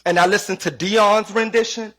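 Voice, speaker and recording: A young man and comedian ranting in a casual comic style, profane and animated, often repeating himself. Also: sits high, moderate pace.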